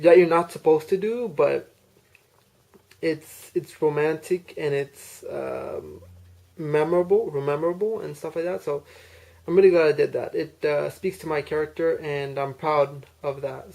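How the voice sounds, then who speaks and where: A man's voice: on the high side, gravelly, a little mellow. A man casually telling a personal story, rambling, with many fillers and restarts. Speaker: person recounting a dream.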